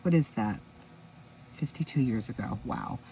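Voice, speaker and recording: A woman's voice: extremely low pitch, animated, measured pace, creaky, warm tone, distant mic, a little hiss or hum, rough recording. A woman in her fifties hosting her own music podcast in a chatty, enthusiastic way, stopping now and then to react to her notes. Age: 50s. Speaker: podcast host. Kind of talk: casual solo podcast chat.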